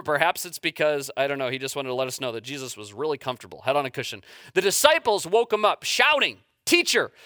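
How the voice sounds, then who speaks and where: A man's voice: high voice, dry recording, clean studio sound. Stammering, intense male pastor. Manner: stammering word repeats, swings from hushed to intense. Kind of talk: sermon.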